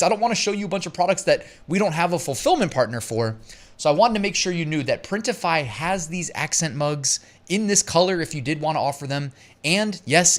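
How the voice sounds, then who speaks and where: A man's voice: fairly high pitch, fairly bright tone. A man hosting a casual online business tutorial, chatty and upbeat, laughing easily as he talks. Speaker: host.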